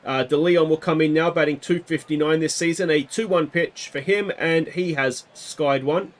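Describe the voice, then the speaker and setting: A man giving casual play-by-play commentary on a baseball video game he is playing, with bursts of excitement on big hits. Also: on the high side, moderate pace. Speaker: gaming video host.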